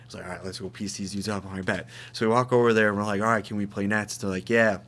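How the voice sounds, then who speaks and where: A man's voice: lowish voice, steady tone, fast, a bit bright. A young man co-hosting a podcast, telling stories in casual chat with lots of swearing and laughter. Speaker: podcast co-host.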